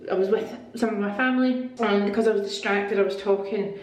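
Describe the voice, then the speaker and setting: A woman chatting casually and excitedly to camera as a beauty vlogger at home, rambling with plenty of asides. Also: medium pitch, a little fast. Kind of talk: casual vlog chat. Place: at home, part of it in her bathroom. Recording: echoey room with faint ambience.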